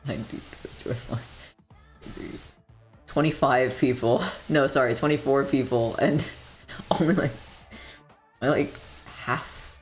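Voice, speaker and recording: A man's voice: mid-range voice, fairly even intonation, measured pace, long pauses, faint music behind. A young man in college chatting casually on a study stream, rambling and muttering to himself while he works through engineering problems. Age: young adult.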